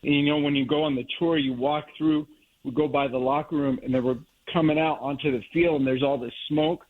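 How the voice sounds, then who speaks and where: A middle-aged man from the Monterey Bay area calling into a radio show, talking in a heartfelt, slow and reflective way. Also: on the high side, steady tone. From Monterey Bay area, California. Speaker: caller. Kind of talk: call-in reminiscing. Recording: tinny phone line.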